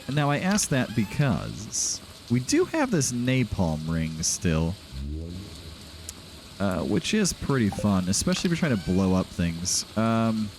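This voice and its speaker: A man's voice: fairly low pitch, a little mellow, a little hiss or hum. A man hosting a casual, rambling video game playthrough, chatting and laughing often as he plays at home. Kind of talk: casual gameplay commentary.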